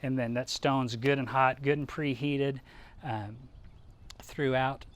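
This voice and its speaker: A man's voice: medium pitch, steady tone, slow. A man hosting a live cooking demonstration, talking casually and upbeat with plenty of fillers as he works.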